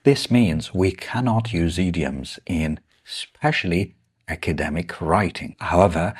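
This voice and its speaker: Man, English teacher, scripted lesson, very deep voice, husky, deliberate. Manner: slow, deliberate explanations with repeated examples.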